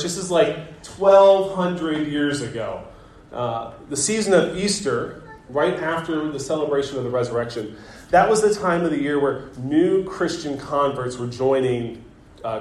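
Pastor in an echoey sanctuary. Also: male voice, on the high side, darkish tone. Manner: conversational storytelling with self-deprecating humor. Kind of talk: sermon. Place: church sanctuary.

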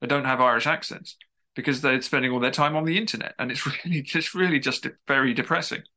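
A man's voice: mid-range voice, steady tone, fast, pushed and bright. A man being interviewed as an author, talking at length in an emphatic, discursive way with frequent restarts. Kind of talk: conversational interview.

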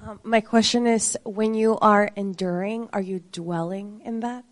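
A woman in a church group asking a question in a soft, shy way. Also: mid-range voice, fairly even intonation, measured pace. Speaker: congregation member. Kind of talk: casual conversation.

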